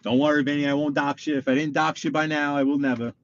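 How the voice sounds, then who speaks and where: A man chatting casually on a live stream while he drives, excitable and reading viewer comments aloud. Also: fairly high pitch, fast talker. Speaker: livestreaming driver. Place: inside a car while driving. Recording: muffled lo-fi stream audio with faint road noise.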